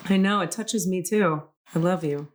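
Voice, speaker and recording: A middle-aged woman co-hosting a spiritual podcast, reading card messages aloud in a calm, soothing cadence. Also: fairly low pitch, moderate pace. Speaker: podcast co-host reading intuitive cards.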